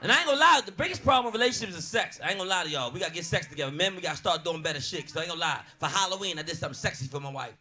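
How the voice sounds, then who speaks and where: A man's voice: a little high, animated, racing, few pauses. A man in his forties doing a stand-up comedy routine, brash and profane, telling stories with laughs. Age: 40s. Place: comedy club stage. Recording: live club set with loud audience. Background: crowd laughing and club noise.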